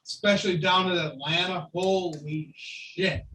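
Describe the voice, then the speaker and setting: An upbeat man with a high voice hosts a podcast and moves it between segments. He sits away from the mic in an echoey room. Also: fairly even intonation, a little slow, bright, forceful tone, distant mic. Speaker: host. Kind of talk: casual podcast chat.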